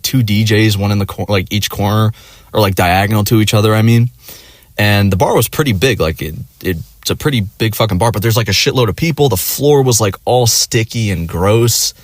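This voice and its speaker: A man's voice: lowish voice, no echo. A man telling a rambling personal story in casual, profane language, laughing along as he goes. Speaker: vlogger.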